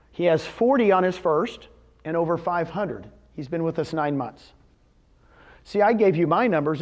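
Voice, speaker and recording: A man speaking live to a room of real estate agents, animated and quizzing his audience with questions, often acting out what others told him. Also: sits high. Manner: retells conversations in quoted voices. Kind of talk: live seminar talk.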